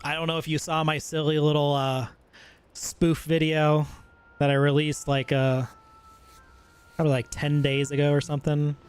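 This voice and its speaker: A man's voice: a little high, little pitch movement, moderate pace, long pauses, clear, resonant tone. A man streaming a game, chatting loosely and enthusiastically with viewers in slangy, rambling commentary. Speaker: gaming streamer. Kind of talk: casual gameplay commentary.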